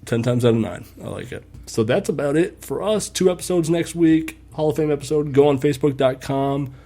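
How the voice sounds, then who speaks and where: A man's voice: fairly high pitch, fairly quick, dark tone. A laid-back man hosting a sports podcast among friends. He talks loosely and casually, dropping curse words and easy laughs as he banters and wraps up the show. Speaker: podcast host.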